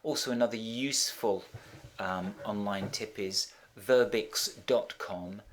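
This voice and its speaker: A middle-aged man with a fairly low voice explains a translation exercise step by step. He talks like a teacher at his desk, methodical and unhurried, with frequent ums and small restarts along the way. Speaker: Spanish teacher.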